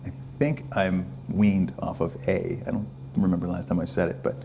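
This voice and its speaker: A man's voice: low voice, little pitch movement, a little fast, mellow, slight background noise. A man talking as a guest on a talk show, joking and chatty, with many "uh"s. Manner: joking, talkative, says "uh" a lot. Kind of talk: casual chat.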